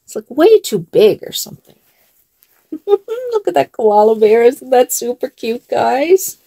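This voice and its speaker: A woman's voice: a little high, very animated, unhurried, creaky, mellow. A woman vlogger chatting casually while she dresses dolls, talking in a chatty way and laughing often. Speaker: doll channel vlogger.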